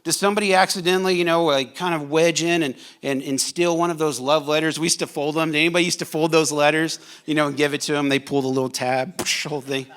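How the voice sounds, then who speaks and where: Conversational pastor preaching a sermon. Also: male voice, on the high side, fairly even intonation, fast talker, hardly any pauses, a bit bright, clean tone. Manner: conversational, joking with the congregation. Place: church sanctuary.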